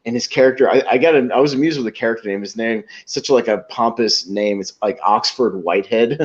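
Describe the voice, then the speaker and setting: A man's voice: mid-range voice, brisk. A man co-hosting a podcast in casual chat, rambling and laughing as he acts out lines from a sketch. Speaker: podcast co-host. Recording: dull lo-fi sound.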